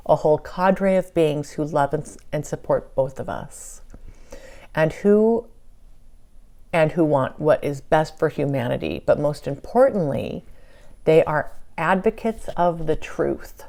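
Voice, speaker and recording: A woman's voice: deep voice, a little slow, warm tone. A woman giving voice to a gracious old queen. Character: dignified elderly queen mother, gracious and kind.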